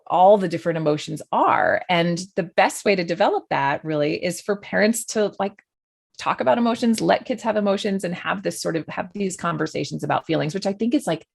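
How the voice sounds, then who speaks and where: Creaky-voiced woman talking about parenting. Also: fairly low pitch, lively intonation, brisk. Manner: thoughtful, many fillers and restarts. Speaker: guest, journalist. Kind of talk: conversational podcast interview.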